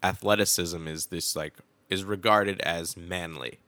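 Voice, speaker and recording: A young man with a blocked-up nose runs his solo podcast, rambling and cursing with caffeinated energy. His slightly low voice sounds forceful and bright. The recording is dry and close, with no room sound. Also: measured pace, no echo. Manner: rambling, profane, wired and excitable. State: stuffy with a head cold. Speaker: podcast host.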